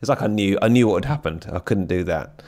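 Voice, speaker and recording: A man hosts a podcast in relaxed conversation with a fairly low voice. He is chatty and playful and keeps asking his guest questions. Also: fast. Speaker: podcast host. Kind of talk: casual conversation.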